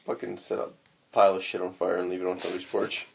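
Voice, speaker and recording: A young man on a casual podcast, dropping short deadpan quips into the banter. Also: low-pitched, quick pace, creaky, a little hiss or hum. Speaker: podcast co-host.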